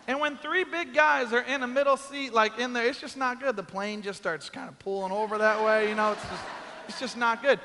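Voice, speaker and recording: A man's voice: extremely high pitch, brisk, bright, forceful tone, in a large hall, slight background noise. A man preaching a sermon, telling a comic story and acting out the quoted voices. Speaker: pastor.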